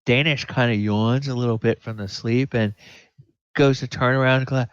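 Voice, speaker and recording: A man running a tabletop game as game master, unhurried and thinking aloud with many fillers. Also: medium pitch, fairly even intonation, clean tone, no room sound. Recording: dull lo-fi audio.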